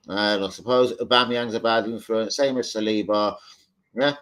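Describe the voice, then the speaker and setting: A man's voice: fairly low pitch, fairly even intonation, normal speed, a bit bright. A man hosting a live stream, debating football bluntly, swearing freely and arguing with his chat.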